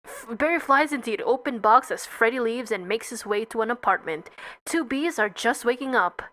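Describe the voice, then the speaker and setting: Bright-voiced young woman reading stage directions. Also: on the high side, lively intonation, moderate pace. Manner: casual, stumbling over words. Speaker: narrator. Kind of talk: playful script read-through.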